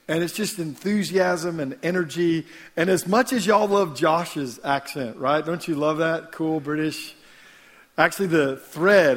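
A man speaks as a guest pastor in a church sanctuary. His voice sits a little higher than most men's, and his talk is loose and friendly, dotted with ums and self-deprecating asides. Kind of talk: casual talk from the pulpit.

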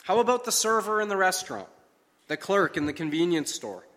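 A man delivers a sermon in an earnest, measured voice, leaning on key phrases with slow emphasis. His voice sits a little high for a man. Long reverb trails after his words, as if from a large hall. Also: sing-song, fairly bright tone. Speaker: preacher.

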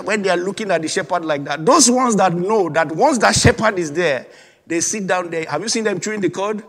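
Male pastor, emphatic sermon delivery with call-and-response, slightly high voice, long hall reverb. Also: brisk. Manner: emphatic preaching with repeated calls and congregation prompts.

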